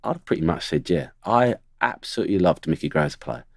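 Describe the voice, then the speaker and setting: A man's voice: low voice, very animated, fast talker, vocal fry, no echo. A middle-aged man, a former footballer, telling blunt stories about teammates on a studio podcast. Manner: blunt, anecdotal, mimics teammates. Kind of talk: podcast storytelling.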